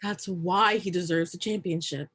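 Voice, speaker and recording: A woman's voice: fairly low pitch, steady tone, normal speed, fairly bright tone, breathy edge. A woman playing a playful, teasing young woman arguing basketball, read over a video call. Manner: teasing, showy.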